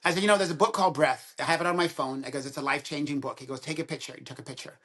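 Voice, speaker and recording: A podcast guest near sixty who works as a dentist races along in a voice on the high side. His casual, animated storytelling includes acting out both people in any dialogue he relates.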